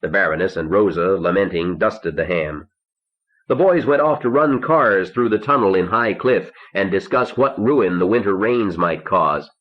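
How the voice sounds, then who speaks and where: A man calmly narrating an audiobook, reading in a measured, deliberate way in a studio. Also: low-pitched. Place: recording studio. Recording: dull lo-fi 1970s cassette recording.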